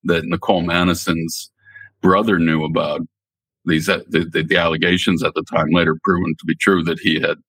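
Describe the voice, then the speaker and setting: A newspaper editor chatting on a podcast, rambling and laughing often. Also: male voice, low voice, flat delivery, fairly quick, fairly bright tone, slightly rough, no echo. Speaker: newspaper editor, regular guest. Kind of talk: casual podcast chat.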